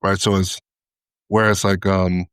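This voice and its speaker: A man co-hosting a podcast, telling stories in a casual, animated way, acting out the people he quotes, swearing and laughing often. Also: low voice, a little slow, clear, resonant tone, no echo. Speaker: podcast co-host. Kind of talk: casual chat.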